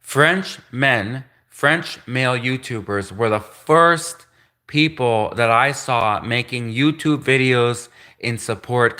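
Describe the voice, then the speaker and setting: Here the Canadian livestream host sounds sharp-toned at a medium pitch as he rambles alone on stream in a casual monologue. He goes over the same points again and giggles between tangents.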